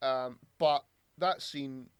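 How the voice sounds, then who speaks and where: A man's voice: medium pitch, takes it slowly, clear, resonant tone, no echo. A man co-hosting a podcast, chatting casually in an emphatic, teasing way. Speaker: podcast co-host. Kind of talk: casual chat.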